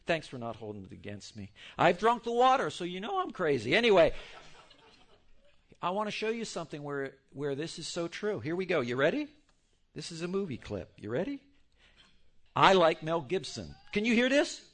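High-voiced, lively preacher man. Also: normal speed. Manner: rambling, joking asides. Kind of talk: sermon. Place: church in Texas.

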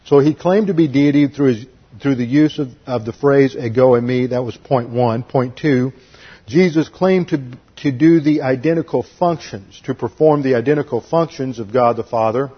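A male preacher working through a Bible passage point by point, steady and methodical. His voice is husky and mid-pitched. The recording is dull and lo-fi. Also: normal speed. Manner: methodical, lists numbered points and spells out words. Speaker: Bible teacher. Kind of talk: expository sermon.

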